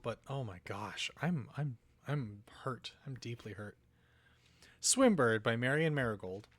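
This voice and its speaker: A man's voice: medium pitch, expressive, measured pace, no room sound. A young man hosting a let's play, reacting with dramatic, exaggerated outrage and sorrow in casual gameplay commentary.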